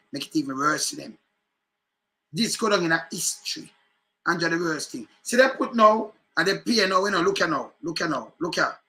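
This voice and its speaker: Animated high-pitched Jamaican man. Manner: animated patois commentary, repeats phrases. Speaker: political commentator. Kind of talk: casual commentary on news clips.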